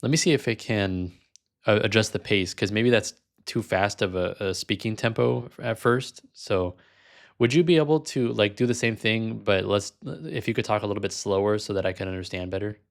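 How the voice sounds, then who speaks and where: A man's voice: lowish voice, steady tone, moderate pace, gravelly. A man hosting a vlog, talking casually with lots of fillers and restarts. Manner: casual, many fillers, self-correcting. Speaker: vlog host, language learner. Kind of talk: casual chat.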